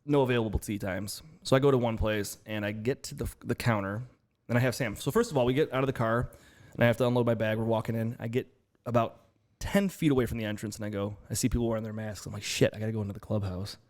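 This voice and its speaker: A man co-hosting a casual podcast, telling an animated story and acting out both sides of each exchange. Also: fairly low pitch, fast. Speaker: podcast co-host. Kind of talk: casual chat.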